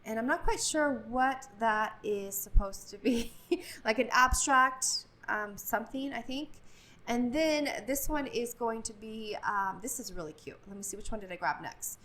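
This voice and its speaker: Brief: upbeat woman vlogger, a touch high-pitched, chatty and gushing with fillers, phone-filmed store walkthrough. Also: measured pace, fairly bright tone, a little hiss or hum. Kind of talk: casual store walkthrough vlog. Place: large retail store, indoors.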